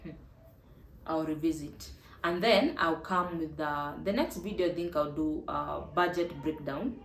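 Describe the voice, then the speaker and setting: A woman's voice: deep voice, a little slow. A woman with a Kenyan accent, hosting a casual advice vlog in a chatty, emphatic way. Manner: chatty and emphatic, mixing in Swahili. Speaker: vlog host. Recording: echoey room with faint ambient noise.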